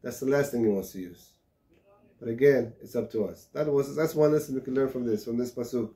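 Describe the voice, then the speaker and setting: A man giving a sermon as a rabbi, telling parables and building to shouted passages. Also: mid-range voice, fairly quick. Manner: tells parables with acted-out dialogue.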